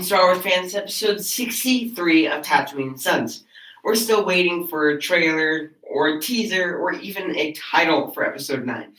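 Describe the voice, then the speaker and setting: A man's voice: fairly high pitch, sharp tone. Teen boy reading an intro, echoey. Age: teens. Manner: nervous, worried his voice will crack. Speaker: podcast co-host reading the intro. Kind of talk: reading a scripted show intro. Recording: echoey room, mic far off.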